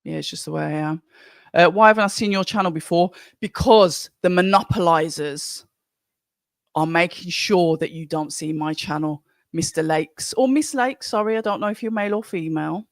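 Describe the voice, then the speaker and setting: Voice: medium pitch, normal speed, vocal fry, no echo, clean studio sound. A streamer with a Birmingham accent hosting a live boxing watch-along, chatting casually and reading viewer comments aloud in a rambling style with frequent restarts. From Birmingham, England.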